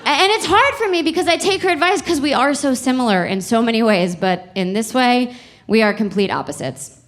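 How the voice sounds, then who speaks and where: A woman's voice: on the high side, animated, brisk. A young woman doing a stand-up comedy set, telling stories in a chatty, exasperated way with playful emphasis, on a club stage mic.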